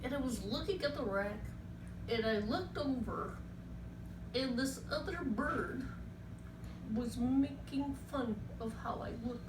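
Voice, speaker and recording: A woman voicing a sad, lanky young male bird puppet who talks in a soft, whiny, mopey way. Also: a little high, slow pace, pauses often, background noise. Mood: hurt. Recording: echoey room, mic at a distance.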